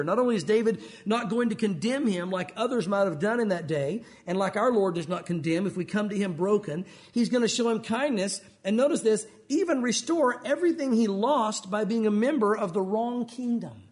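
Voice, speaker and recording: A man's voice: sits high, animated, fairly quick. A man preaching a sermon in a conversational way, with asides and chuckles. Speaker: pastor.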